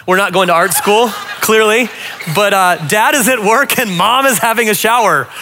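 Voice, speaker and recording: A man, preaching a humorous sermon and telling stories with quick voiced asides. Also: high voice, slight background noise. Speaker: pastor.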